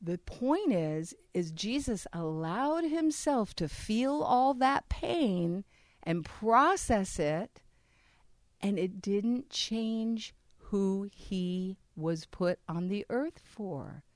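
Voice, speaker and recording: A woman's voice: mid-range voice, expressive, extremely slow, darkish tone, no echo, studio quality. A woman speaking earnestly to a church audience about abortion recovery, often asking them questions. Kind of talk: conversational church talk.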